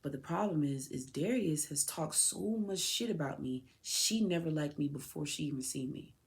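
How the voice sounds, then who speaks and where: A woman's voice: low voice, lively intonation, moderate pace, vocal fry. A woman podcast host speaking directly to her son, raw, tearful and heartfelt. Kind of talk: emotional personal address to her son.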